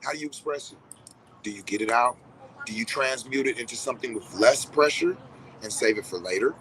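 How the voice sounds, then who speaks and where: A man's voice: mid-range voice, fairly quick, a bit bright, slight background noise, rough recording. A man in a reflective casual monologue, speaking directly to his viewers in a conversational, profane way. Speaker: vlogger.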